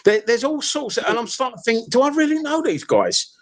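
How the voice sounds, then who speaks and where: A man's voice: extremely high pitch, big pitch swings, brisk. A man with an East London accent lecturing insistently in a heated casual argument, calling the listener mate and fella. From England. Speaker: live stream participant.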